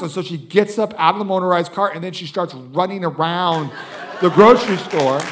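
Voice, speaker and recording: A man preaching as a guest speaker, telling a story in an animated way and acting out what everyone said. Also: high-pitched, brisk, a faint crowd. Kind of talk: sermon storytelling.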